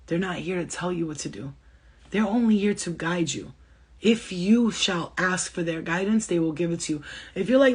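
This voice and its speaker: Woman, husky, fast talker, blunt, swearing, casual livestream spiritual reading. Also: fairly low pitch. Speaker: spiritual channeler giving a reading.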